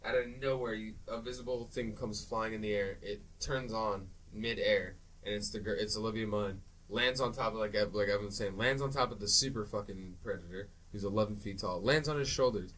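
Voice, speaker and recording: Profane animated man recapping a movie. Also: lowish voice, brisk, recorded from a distance, a little hiss or hum, low-quality recording. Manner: profane, animated retelling of scenes. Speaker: podcast co-host. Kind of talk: casual movie review chat.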